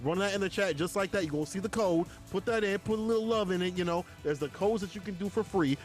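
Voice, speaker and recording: A man's voice: high-pitched, fast talker, soft background music. A man doing casual esports play-by-play from a small closet at home, slangy and laid-back, talking to his chat. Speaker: esports commentator.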